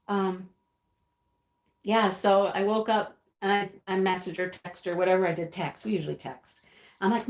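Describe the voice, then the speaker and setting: A woman hosting a casual live stream, chatting, laughing often and reading out viewer comments. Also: medium pitch. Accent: American. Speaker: livestream host. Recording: roomy echo.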